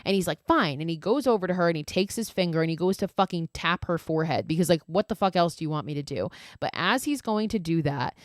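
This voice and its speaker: Recapping a horror film for her podcast, a woman with a lowish voice keeps things chatty, leaning on "like" and dropping swear words. She's right up on the mic in a dry, dead-sounding room, so there's no echo.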